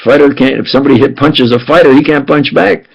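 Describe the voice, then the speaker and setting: A man in his eighties in a rambling, aggrieved monologue, halting and repeating himself. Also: mid-range voice, vocal fry, husky, highs cut off. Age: 80s. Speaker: self-published speaker.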